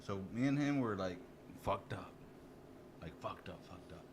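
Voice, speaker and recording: A man's voice: sits low, expressive, a little slow, a little hiss or hum. A man co-hosting a podcast, telling a drunken story in casual chat, rambling and profane, full of "you know" and restarts. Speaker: podcast co-host.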